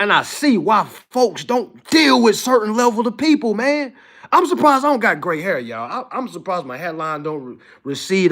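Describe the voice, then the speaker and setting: Speaking in AAVE with a fairly high voice, the streamer's pitch swoops lively through his animated rant. He talks to viewers as "y'all" during the casual monologue and mocks others with high-pitched impressions.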